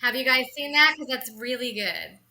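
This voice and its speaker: A woman's voice: high voice, normal speed, pushed and bright, slight background noise, poor audio. A middle-aged woman hosting a casual podcast chat, talking enthusiastically. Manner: enthusiastic, chatty. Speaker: podcast host.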